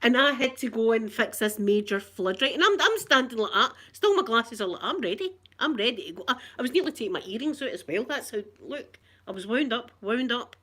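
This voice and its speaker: A woman's voice: on the high side, sing-song, fairly quick, few pauses, a bit bright. A middle-aged woman with a Glasgow accent, telling an indignant story to camera at home, laughing as she goes. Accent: Scottish, Glasgow. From Scotland. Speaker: vlogger. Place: at home, in a living room.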